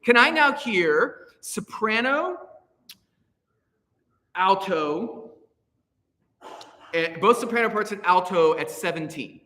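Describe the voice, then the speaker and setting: A man leading a choir rehearsal as conductor, energetic and encouraging, counting the singers in. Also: high voice, slow, pauses often. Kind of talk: rehearsal instruction. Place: rehearsal room with a piano. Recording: echoey hall with piano.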